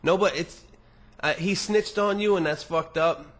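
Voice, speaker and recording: A man's voice: high-pitched, measured pace, fairly bright tone. A young man hosting a podcast, reading listener emails aloud and answering them in a rambling, profane, casual monologue with many restarts.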